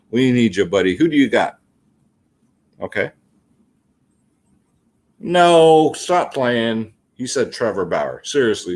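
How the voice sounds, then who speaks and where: A man's voice: mid-range voice, expressive, measured pace, long pauses. A man hosting a fantasy sports picks video, talking casually and addressing his viewers as guys.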